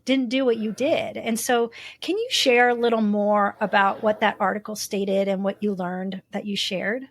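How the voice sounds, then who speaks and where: A woman's voice: medium pitch, steady tone, moderate pace. A woman hosting a podcast, interviewing a guest in an earnest, encouraging way. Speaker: podcast host.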